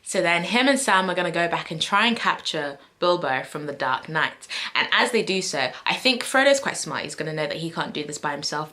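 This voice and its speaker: Young woman vlogger, casual rambling chat, slightly low voice, thinks aloud. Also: sharp tone. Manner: rambling, thinks aloud with many fillers and self-corrections. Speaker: book vlogger. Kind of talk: casual chatty predictions to camera.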